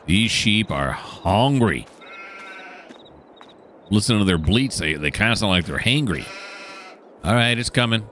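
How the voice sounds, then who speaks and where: A man's voice: fairly low pitch, expressive, unhurried, long pauses, fairly bright tone, slight background noise. A middle-aged man, commenting casually on a farming game and talking to the animals as he plays. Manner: rambling self-talk, chatting to the game animals. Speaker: gaming channel host.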